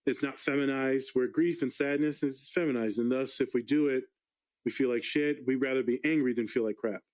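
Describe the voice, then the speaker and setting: A male therapist chatting on a podcast at a middling pitch. He explains things frankly, swears freely and teases with a playful edge. The talk is loose and unscripted. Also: fairly even intonation, fairly quick, darkish tone, low-quality recording. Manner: candid, profane, playful. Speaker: therapist guest. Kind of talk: casual podcast chat.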